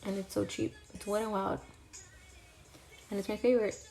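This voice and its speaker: A woman's voice: mid-range voice, little pitch movement, normal speed, mellow, faint music behind. A young woman chatting casually while she does her makeup on camera, talking herself through each step. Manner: chatty, self-deprecating, talks to herself mid-task. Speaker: beauty vlogger. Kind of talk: casual get-ready-with-me chat while doing makeup.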